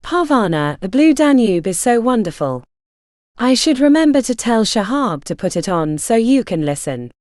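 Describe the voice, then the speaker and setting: A woman narrating a literary story in the first person, in a measured storytelling manner. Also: on the high side, very animated, darkish tone, no room sound, clean studio sound.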